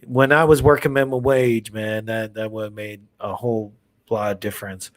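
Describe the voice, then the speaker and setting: A man hosting a horror movie livestream, chatting casually with viewers in a rambling, excitable way and swearing now and then. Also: lowish voice, normal speed. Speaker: horror channel livestream host.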